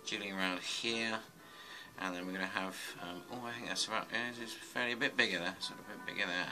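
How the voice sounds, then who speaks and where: A man's voice: low-pitched, steady tone, fast, low-quality recording. A man giving a casual drawing tutorial, muttering and rambling to himself as he sketches. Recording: music playing underneath. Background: music.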